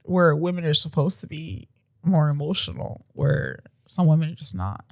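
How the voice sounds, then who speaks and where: A woman's voice: sits low, very animated, moderate pace, vocal fry, darkish tone. A woman co-hosting a podcast at home in casual chat, agreeable, often answering with short replies and laughs. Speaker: podcast co-host.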